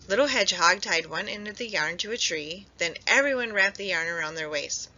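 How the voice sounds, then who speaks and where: A woman librarian reading a storybook aloud at story time, expressive and lively. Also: mid-range voice, a little fast, few pauses. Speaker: children's librarian. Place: public library. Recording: dull lo-fi recording.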